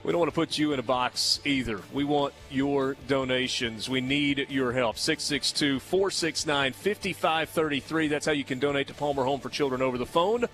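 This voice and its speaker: A man's voice: medium pitch, moderate pace, few pauses, a bit bright, soft background music. A man hosting a radio talk show, bantering playfully with a guest and making a fundraising appeal from the studio. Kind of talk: casual on-air chat and fundraising appeal.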